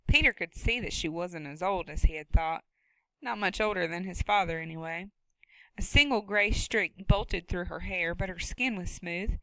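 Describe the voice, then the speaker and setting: A woman reading a novel aloud with a steady, expressive delivery and a bright, crisp tone. The recording is dead dry, close to a studio mic. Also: mid-range voice, dry recording, rough recording. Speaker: audiobook narrator. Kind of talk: scripted narration.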